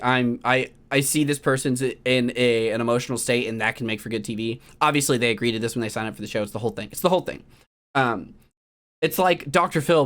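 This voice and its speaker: A streamer chatting casually and at length, rambling with many fillers and sudden loud, animated impressions. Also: medium pitch. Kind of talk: casual chat.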